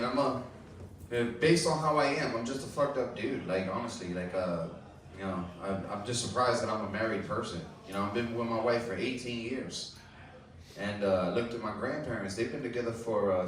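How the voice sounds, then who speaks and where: This is a stand-up comedian from Puerto Rico performing at a small club's open mic, talking at a normal speed. He tells stories loosely with plenty of fillers, his pitch rising high in excited moments. The recording sounds echoey, with the mic placed at a distance.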